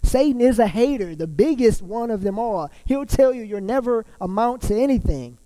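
A man's voice: very high-pitched, lively intonation, moderate pace, warm tone, poor audio. A male pastor preaching a sermon in a loose, conversational way, full of fillers and restarts.

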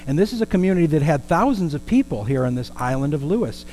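A man's voice: fairly high pitch, big pitch swings, quick pace, warm tone, slight background noise, rough recording. A man preaching a storytelling sermon in a conversational way, with asides and questions to the congregation.

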